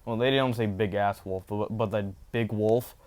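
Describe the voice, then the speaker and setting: A man's voice: fairly low pitch, steady tone, normal speed, a little mellow. A man casually retelling a fan story off the cuff, rambling with many fillers and self-corrections.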